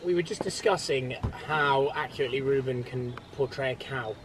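A man's voice: medium pitch, moderate pace, crowd noise, low-quality recording. A man telling jokey stories in a casual chat among friends. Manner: animated storyteller, jokey.

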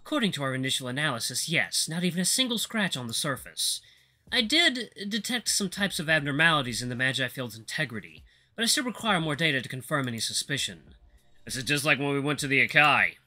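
A man voicing a brisk, analytical young male researcher who speaks in a clinical, matter-of-fact way. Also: on the high side, big pitch swings, sharp tone, full character voice.

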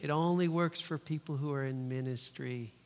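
A man voicing a sly, taunting male spirit tempter, in slow, low, mocking tones. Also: slight background noise, close to an everyday voice. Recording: long church hall reverb.

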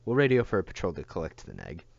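A man's voice: sits low, huge pitch swings, quick pace, creaky, no echo, dull audio, heavily acted. A man doing a jumpy farm patrolman. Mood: explaining.

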